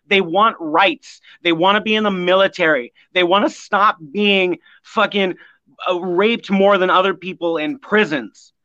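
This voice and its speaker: A man with a notably high voice talks earnestly on a casual podcast, getting emotional and stumbling over restarts. The sound is dull and lo-fi. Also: a little slow, pushed and bright. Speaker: podcast guest.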